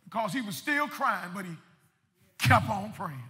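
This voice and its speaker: Man preaching, real high piercing voice, keeps repeating himself, echoey church. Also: sing-song, a little slow. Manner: repeats words, builds to shouted peaks. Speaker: pastor. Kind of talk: sermon. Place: church sanctuary. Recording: long reverb of a church hall.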